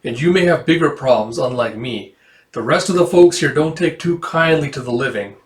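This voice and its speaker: A man's voice: mid-range voice, lively intonation, moderate pace, echoey room, close to an everyday voice. A man voicing a laid-back male occult detective with wry, easygoing talk.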